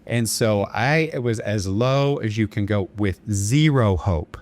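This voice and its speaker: A man's voice: fairly low pitch, measured pace, darkish tone. A man, speaking as a podcast guest. He tells a personal story earnestly and dramatically, acting out the lines of the people in it. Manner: earnest, dramatic retelling with quoted dialogue. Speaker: bank chairman and podcast guest. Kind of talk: storytelling in an interview.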